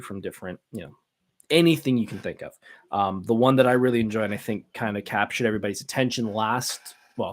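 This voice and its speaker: A man hosting a solo podcast, chatting casually and giving his opinions in a rambling way, with many fillers and restarts. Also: fairly low pitch. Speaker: podcast host.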